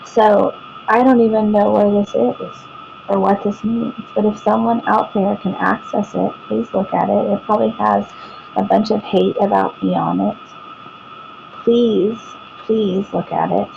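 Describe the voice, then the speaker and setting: A middle-aged woman with a Texan accent talking casually to her viewers as she shows her computer screen. She speaks in a calm, even way, rambling, trailing off and starting over. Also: medium pitch, a little slow. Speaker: vlogger. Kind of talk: casual talk to camera while showing her computer screen. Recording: dull lo-fi home recording with clear background noise.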